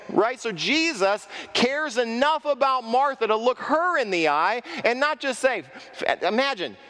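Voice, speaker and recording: Animated male pastor preaching in echoey hall. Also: sits high. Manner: animated preaching, acting out quoted speech; asks the congregation direct questions. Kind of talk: sermon.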